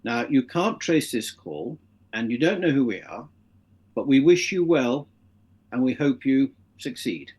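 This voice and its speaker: A man's voice: medium pitch, very animated, unhurried, darkish tone, breathy edge. A man putting on the voice of a very posh upper-class Englishman who speaks politely, formally and mysteriously on the phone. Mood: solemn.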